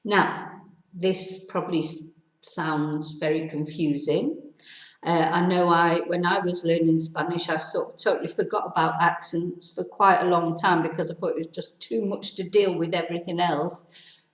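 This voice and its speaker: A middle-aged woman teaching in a casual, chatty way, explaining step by step with a self-deprecating aside now and then. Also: on the low side. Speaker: Spanish teacher. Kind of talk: casual spoken lesson. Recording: echoey room.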